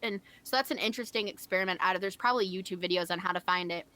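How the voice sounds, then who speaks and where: Bright-voiced woman explaining casually. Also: medium pitch, rapid-fire. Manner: explains singing technique with many likes and ums. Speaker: co-host. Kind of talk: casual chat while streaming a game.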